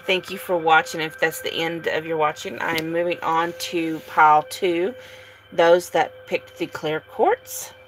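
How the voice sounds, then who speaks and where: A woman giving a casual tarot reading, relaxed and sleepy, with many fillers and soft laughs. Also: sits low, a little slow, soft background music, poor audio. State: sleepy, yawning. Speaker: tarot reader.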